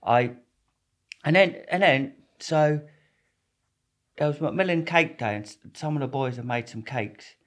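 A man's voice: a little high, a little slow, pauses often, fairly bright tone. A young man, a podcast guest telling stories in a rambling, slangy way with plenty of swearing and restarts. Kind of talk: casual storytelling interview.

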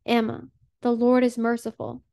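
A woman's voice: fairly high pitch, monotone, normal speed, warm tone, natural voice. A woman voicing a stern, insistent old aunt. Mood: firm. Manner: firm, commanding.

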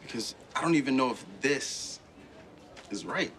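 A young man acting a calm, sincere high school senior, in a sitcom. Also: normal speed, background noise, natural voice.

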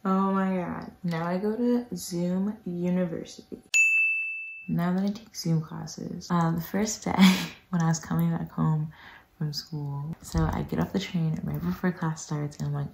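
Whispering woman with a low, gravelly voice. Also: steady tone, a little slow, darkish tone, echoey room, slight background noise. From New York. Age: young adult. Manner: whispering, chatty, many fillers. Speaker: health educator. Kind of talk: whispered casual chat. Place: bedroom at home.

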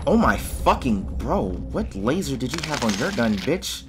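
A young man giving profane gameplay commentary, muttering to himself and then bursting into yelling. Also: mid-range voice, big pitch swings, moderate pace, over music. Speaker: gaming channel host.

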